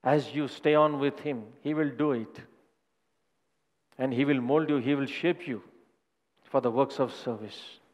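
A man's voice: medium pitch, a little slow, long pauses, long reverb tail. A male pastor giving an earnest sermon and personal testimony, often repeating phrases as he builds a point.

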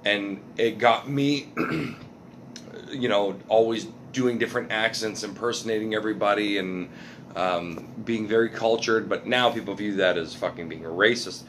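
Male comedian guest, low register, loose filler-heavy delivery with swearing. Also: moderate pace, a bit bright, a little hiss or hum. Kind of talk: casual podcast chat.

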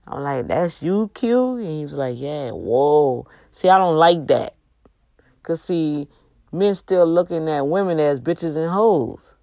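A tired woman hosting a livestream, giving a faith talk with slow, emphatic, exhorting repeats. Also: low-pitched, darkish tone, no room sound. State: tired, yawning. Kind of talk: preachy casual livestream talk.

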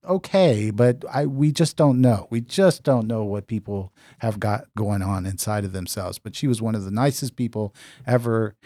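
Man, podcast co-host, casual storytelling, quoted dialogue, mellow tone, dry close sound. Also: on the low side, moderate pace, dry recording. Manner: rambling anecdote with quoted dialogue.

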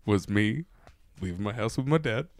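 Loud, laughing storyteller, low voice. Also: male voice, lively intonation, moderate pace, dry recording. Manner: swears freely, laughs through his own stories. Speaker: podcast guest. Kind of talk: casual storytelling. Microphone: podcast mic held close.

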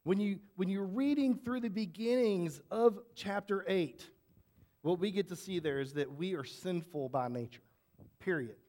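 A man with a notably high voice preaches to his congregation in a conversational way. He poses rhetorical questions and often repeats the first words of a sentence before pressing on. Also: normal speed, mellow. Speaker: pastor. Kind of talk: sermon.

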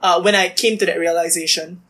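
In a casual podcast interview, a young woman who debates at university chats animatedly, peppering her talk with "like." Her voice sits fairly low and her delivery is brisk.

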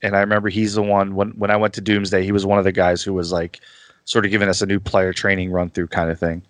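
An easygoing man talks as a podcast guest, his voice sitting a little low. He is chatty and laughs at himself often. The sound is dry and close, with no room around it. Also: flat delivery, quick pace, no room sound. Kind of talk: casual podcast chat.

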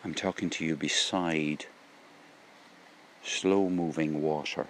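Man, middle-aged, very low voice, rambling thoughtful vlog, outdoors by a stream, faint ambience. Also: fairly even intonation, slow, fairly bright tone, slight background noise. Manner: musing, rambling with restarts. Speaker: vlogger. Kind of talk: casual spoken diary.

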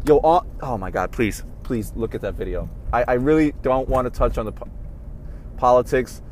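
A man hosting a podcast, ranting casually with lots of swearing, swinging from low mumbled asides to loud heated outbursts. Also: moderate pace, a little hiss or hum. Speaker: podcast host. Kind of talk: casual rant monologue.

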